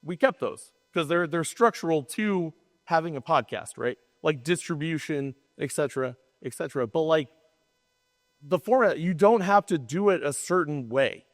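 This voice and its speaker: Man, higher register, casual podcast co-host, rambling and emphatic delivery, long reverb on the track. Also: animated, moderate pace. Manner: rambling, self-interrupting, emphatic. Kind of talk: casual chat.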